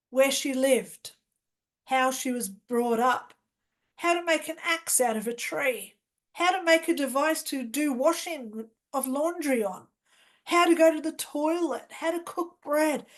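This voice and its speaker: High-voiced woman telling an earnest story. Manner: earnest, emphatic, acts out quotes. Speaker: guest telling her near-death story. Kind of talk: personal storytelling interview.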